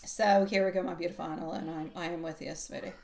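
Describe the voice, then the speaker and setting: A woman's voice: on the low side, steady tone, fast, darkish tone, slight background noise. Affectionate woman tarot reader. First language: French. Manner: affectionate, calls viewers sweetie and love. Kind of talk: casual live-stream chat. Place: at home.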